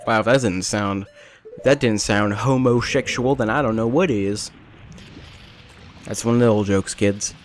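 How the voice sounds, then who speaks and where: A man's voice: on the low side, a little slow, long pauses, a little hiss or hum. Rambling self-mocking young man. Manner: self-deprecating, rambling, jokey. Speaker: gameplay commentator. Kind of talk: rambling let's play commentary.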